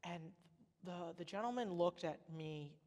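A woman's voice: fairly low pitch, measured pace, a little mellow. Chatty young woman in a reverberant room. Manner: chatty, many "like" fillers. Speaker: podcast guest, former college softball pitcher. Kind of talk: casual chat.

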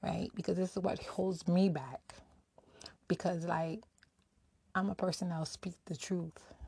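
A woman's voice: fairly low pitch, fairly even intonation, a little slow, gravelly, dark tone, breathy edge, no echo. A middle-aged woman ranting candidly in a casual personal vlog, slightly out of breath, tossing in rhetorical asides. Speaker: vlogger.

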